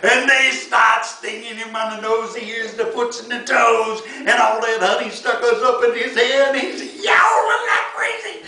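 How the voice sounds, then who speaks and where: A man telling an old folk tale in a folksy, chuckling manner. His voice sits very high and moves around a lot, bright in tone. He is recorded from a distance in a roomy, echoing space. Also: expressive, moderate pace, hardly any pauses, slight background noise. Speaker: storyteller. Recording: echoey room, mic far off.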